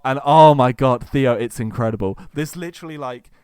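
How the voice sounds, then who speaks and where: A man's voice: mid-range voice, brisk, a little mellow, clean tone, no echo, studio quality. A man cohosting a casual podcast chat, eagerly retelling a long story and acting out quotes between many fillers.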